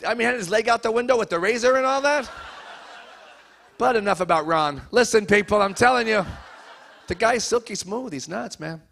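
This stand-up comedian has a high, bright voice, lively intonation, and some vocal fry. Performing live with crowd work, he cracks jokes quickly and loudly while ribbing the audience.

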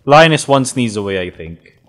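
A man co-hosting a game playthrough, teasing his friends, with loud outbursts. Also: mid-range voice, big pitch swings, normal speed. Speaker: gamer co-host. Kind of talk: casual gaming banter.

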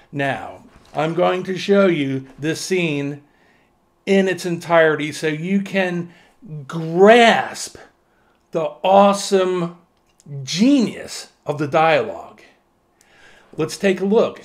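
A man's voice: on the high side, expressive. A man reading out all the lines of a film scene himself, then introducing it with mock-grand commentary. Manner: slow, deliberate, mock-grand. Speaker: video creator.

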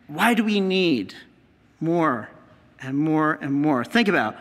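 American priest teaching, higher voice, earnest and repetitive, long hall echo. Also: male voice, very animated, measured pace, a bit bright. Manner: earnest, repeats key phrases for emphasis. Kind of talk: teaching talk with slides.

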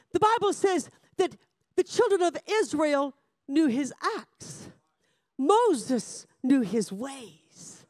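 A woman preaches a revival sermon in a high, ringing voice. She rises into shouted exhortation, then drops into quiet, confiding asides. The sound is close and dry. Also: dry recording. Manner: swings between shouted preaching and hushed asides.

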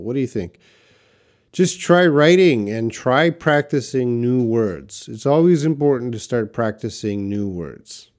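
A man teaching English on a live stream, slowly answering viewers' questions one by one. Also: medium pitch, expressive, darkish tone. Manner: slow, patient, reads out viewer questions. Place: classroom with a whiteboard.

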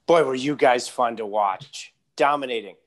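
A man's voice: medium pitch, moderate pace. A man hosting an interview podcast, asking long questions and telling chatty anecdotes. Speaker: podcast host.

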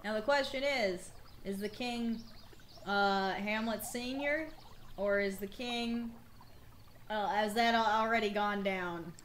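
Slow and mid-range, the voice belongs to a young woman that sounds a little worn, over slight background noise. Playing a game on stream, she gives loose let's-play commentary, talkative, profane and quick to laugh.

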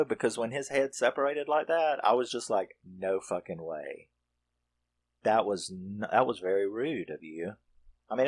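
A man's voice: lowish voice, a little mellow. A man casually reviewing a horror film, rambling, swearing and acting out characters' lines.

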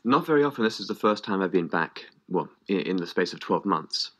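A man's voice: low-pitched, lively intonation, a little fast, a bit bright, a little hiss or hum. A man, an actor and singer, speaking articulately as a radio guest and enthusing with words like wonderful. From Australia. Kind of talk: radio interview. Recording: dull lo-fi radio broadcast.

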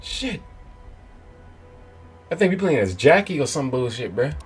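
A young man hosting a gaming channel who recaps the story in rambling, excitable, profanity-laced slang. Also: mid-range voice, a little slow. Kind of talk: let's-play commentary. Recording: game music in background.

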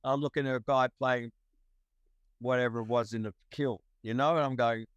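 Smooth-voiced man in his sixties. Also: mid-range voice, fairly even intonation, normal speed, dry recording, lo-fi sound. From Australia. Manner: rambling, self-deprecating, repeats words. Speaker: musician guest. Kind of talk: reflective podcast interview.

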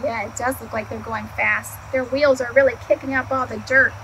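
A woman's voice: fairly high pitch, noisy background. A woman, an early childhood educator, reading a picture book aloud to young children, asking them questions and answering them herself. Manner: animated, asks the kids questions and answers them; slow, clear storytime delivery.

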